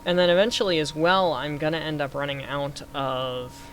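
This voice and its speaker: A young man giving casual gameplay commentary, thinking aloud through numbers and getting excited when things work. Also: on the high side, normal speed. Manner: excited bursts. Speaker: gaming youtuber. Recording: faint background noise.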